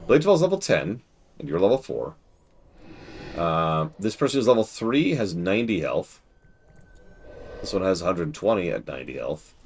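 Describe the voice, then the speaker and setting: Deep, gravelly man joking through a game stream. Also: sing-song, normal speed, long pauses, slight background noise. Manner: sarcastic, mock-dramatic asides to game characters.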